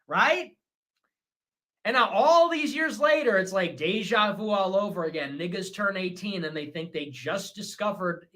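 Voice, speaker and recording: This is a man with a high, sharp, tense voice, holding the floor on his livestream. He talks in short, repeated, self-assured phrases. His delivery is animated and combative, jumping between loud bursts and low mutters. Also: unhurried. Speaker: livestream show host. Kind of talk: rambling livestream monologue.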